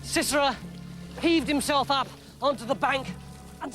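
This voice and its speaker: An English man telling a comic story in a lively, mock-dramatic narrating voice. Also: extremely high pitch, a little slow, long pauses, over music.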